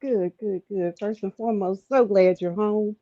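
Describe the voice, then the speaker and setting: A woman's voice: medium pitch, fairly even intonation, moderate pace, dark tone, no room sound. A woman from Chicago calling into a live stream, talking earnestly and gratefully with many ums. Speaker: caller. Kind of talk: casual call-in chat. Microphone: remote call line. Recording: dull call-in audio.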